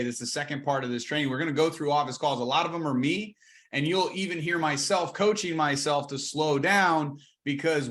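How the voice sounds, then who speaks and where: A man coaching real estate agents in a training talk, energetic, restarting words and slowing for emphasis. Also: fairly high pitch.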